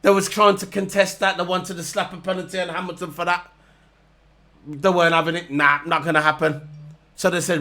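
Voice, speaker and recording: Casting note: man, high voice, heated mocking vlog rant full of repetition. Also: little pitch movement, fairly quick, bright, forceful tone. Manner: heated, repetitive, mocking, hammers points over and over. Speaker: vlogger reviewing races. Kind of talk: ranting casual monologue to camera.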